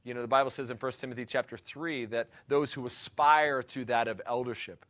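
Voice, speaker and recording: Pastor, male, fervent and rambling, crisp bright tone, dry close sound. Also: mid-range voice, fairly even intonation, brisk, no echo. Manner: earnest, rambling, breaks into laughter and exclamations. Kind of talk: teaching talk on missions.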